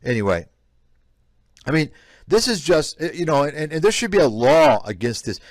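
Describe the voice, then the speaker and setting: A man hosting a live stream, an investment analyst, reacts to clips in a blunt, scornful, repetitive rant. His voice is on the high side and very animated, at a moderate pace, with studio-quality sound and no echo.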